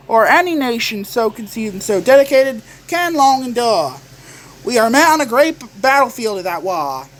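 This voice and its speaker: A young man doing a slow, solemn impression of President Lincoln reciting a speech, with halting restarts. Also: very high voice, fairly bright tone, poor audio.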